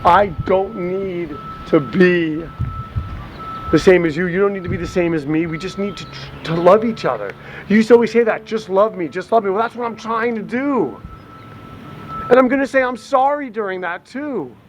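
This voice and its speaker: Playing a young man who's just been dumped, the lead of a short comedy film rambles and begs his ex in a video message shot outside by traffic. His high voice moves at normal speed with a lightly acted feel, and the poor audio carries street noise from vehicles going by.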